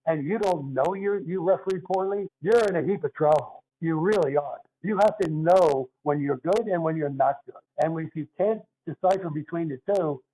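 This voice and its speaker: An older man with a Philadelphia accent, a retired basketball referee appearing as a guest, tells stories earnestly in a casual interview. His slightly high voice is mellow, and the recording quality is low.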